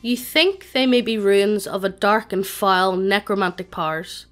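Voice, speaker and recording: A synthetic woman's voice reading the lines of a deadpan dungeon master. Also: medium pitch, a little slow, faint music behind, lightly acted. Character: dry, deadpan dungeon master of either sex.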